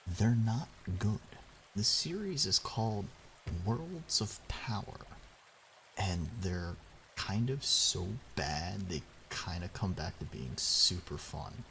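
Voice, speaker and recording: Gravelly low-voiced man, laughing and swearing. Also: animated, slow, pushed and bright, slight background noise. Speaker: streamer reading a book aloud. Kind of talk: casual storytelling stream.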